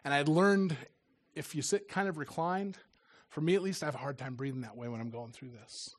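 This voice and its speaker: Earnest man preaching, fairly high voice. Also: brisk. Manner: earnest storytelling, drops to a hush at solemn moments. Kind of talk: sermon with personal testimony.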